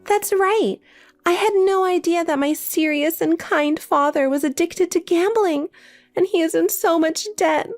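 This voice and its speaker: A woman's voice: very high voice, measured pace. A synthetic woman's voice playing a desperate, pleading married older sister in a text story, with faint music behind. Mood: insistent. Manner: pleading, insistent.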